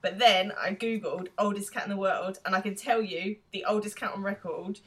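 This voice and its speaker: A woman's voice: mid-range voice, steady tone, moderate pace, a bit bright. A woman co-hosting a podcast in casual chat, laughing often as she recaps an episode. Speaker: podcast co-host.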